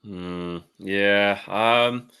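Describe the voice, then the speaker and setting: Upbeat guy hosting a footy chat show, bright voice, lots of ums and you knows. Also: lowish voice, extremely slow, clean tone. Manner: chatty, filler-heavy, upbeat. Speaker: host. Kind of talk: casual football podcast chat.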